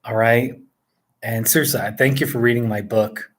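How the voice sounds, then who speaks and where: A man's voice: medium pitch, fairly even intonation, normal speed. A man in his forties from northern New Jersey, chatting casually and rambling with viewers, chuckling often as he answers their questions. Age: 40s. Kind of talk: casual live chat. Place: indoors at home.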